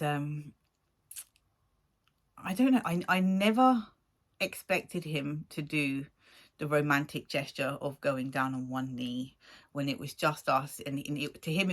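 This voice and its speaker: Woman, 40s, low pitch; casual vlogger telling a story, animated and rambling. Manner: rambling, animated, laughs often, acts out quotes.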